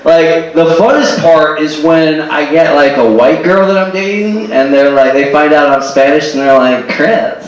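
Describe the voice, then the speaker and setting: A man doing a stand-up comedy set, animated and throwing in character voices and Spanish phrases. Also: fairly high pitch, normal speed, hardly any pauses. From Cuban family. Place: stage at a live show with audience. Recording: echoey room, distant live recording with crowd. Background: audience laughing.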